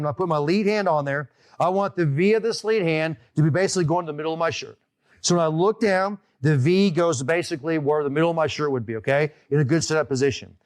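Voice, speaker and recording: A man hosting a live online golf lesson as instructor, talking in an energetic, emphatic way and often checking in with "okay?". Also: fairly high pitch. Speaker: golf instructor and show host.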